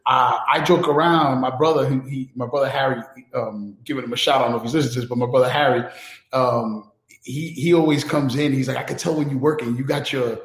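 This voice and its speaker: In an echoey room, a man of medium pitch talking a little fast comes across as a candid, animated enterprise technology strategist in a casual interview. He restarts a lot and keeps checking in with "right?".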